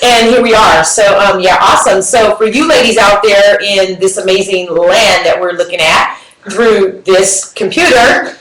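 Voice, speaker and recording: An upbeat woman who co-founded a women's group speaks in casual livestream talk, affirming and quick to agree. Her voice sits at a middle pitch. The room around her is echoey. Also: fairly bright tone.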